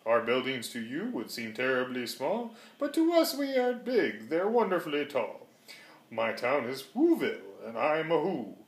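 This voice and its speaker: A man voicing the tiny, polite mayor of a town on a dust speck, with a high, piping, earnest voice, reading a storybook aloud. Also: big pitch swings, moderate pace. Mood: grateful. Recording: roomy echo.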